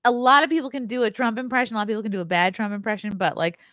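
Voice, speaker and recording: A woman's voice: fairly high pitch, steady tone, rapid-fire, fairly bright tone, no room sound, clean studio sound. A woman comedian hosting a podcast, chatting casually and reacting with enthusiasm.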